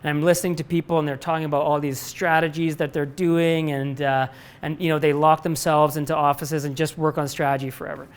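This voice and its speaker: A man's voice: on the high side, flat delivery, brisk, smooth. Rambling, candid man. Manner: rambling, candid, self-interrupting, casual swearing. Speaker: company president giving a talk. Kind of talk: live Q&A with students. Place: lecture room before a live audience.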